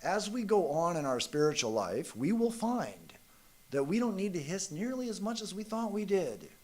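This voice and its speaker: A man, a monk, giving a spiritual talk, telling a parable in a relaxed, conversational way with frequent fillers. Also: high voice, normal speed. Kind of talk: sermon with storytelling.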